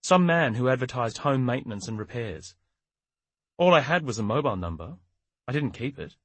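A man's voice: medium pitch, animated, moderate pace, a bit bright, slightly rough, no room sound, pitched above the performer's own voice. A man voicing a tired, defensive older woman who sticks firmly to her story. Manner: tired, evasive, growing more confident.

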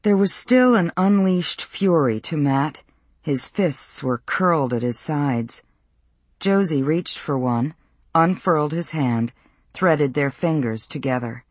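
A man narrating a novel in a measured, even storytelling voice. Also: a little high, no echo. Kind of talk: audiobook narration.

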